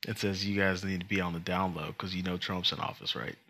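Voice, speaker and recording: A man co-hosting a casual podcast, joking and teasing, often trailing off softly. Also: sits low, fairly even intonation, quick pace, husky. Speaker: podcast co-host. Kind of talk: casual chat.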